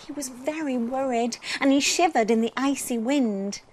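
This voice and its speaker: A woman gently reading a children's bedtime story aloud in a soothing, expressive way. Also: high-pitched, moderate pace.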